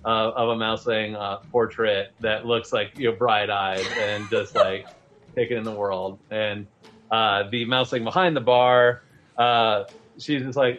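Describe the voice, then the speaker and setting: A man narrating a tabletop game as game master in a relaxed, chatty way with many fillers. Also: fairly low pitch, unhurried, dull audio.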